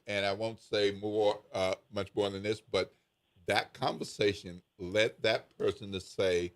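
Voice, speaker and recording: A man hosting a morning radio show, telling stories with enthusiasm and expressive delivery. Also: lowish voice, a little slow. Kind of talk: casual radio interview.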